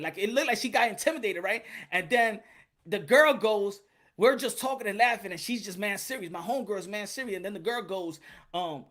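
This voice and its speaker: A man's voice: high-pitched, fast talker. A man, giving a casual, swearing, laughing monologue as a boxing commentator. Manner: loud, animated, laughs often, swears.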